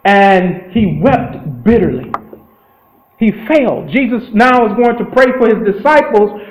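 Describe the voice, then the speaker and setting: A man with a notably high voice preaches a sermon, retelling the story in an earnest, plain-spoken way. His grammar runs loose as he pushes his point home. The sound bounces around a roomy, echoey space. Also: animated, unhurried, a little hiss or hum.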